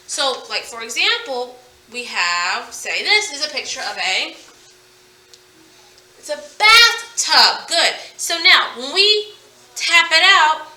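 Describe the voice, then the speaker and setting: A woman teaching a phonics lesson to children, sounding out words slowly and with emphasis. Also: sits high, big pitch swings, bright, forceful tone, far from the mic. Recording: echoey room, voice from off-mic.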